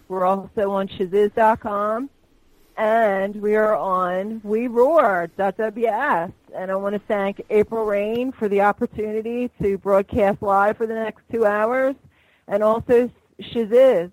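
A woman's voice: medium pitch, darkish tone, dry recording, rough recording. A woman hosting a live internet talk radio show, chatty and gushing, laughing often between remarks.

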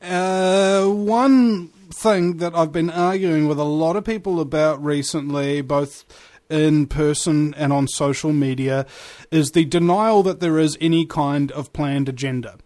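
A man co-hosting a political talk show, telling stories and making points insistently. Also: a little slow. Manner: animated, insistent, rising pitch when stressing. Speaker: podcast co-host.

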